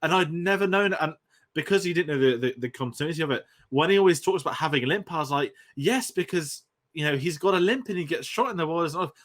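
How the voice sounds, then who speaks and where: A man's voice: a little high, quick pace, fairly bright tone. Rambling, laughing male podcast co-host. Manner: rambling, laughing, self-deprecating. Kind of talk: casual film chat.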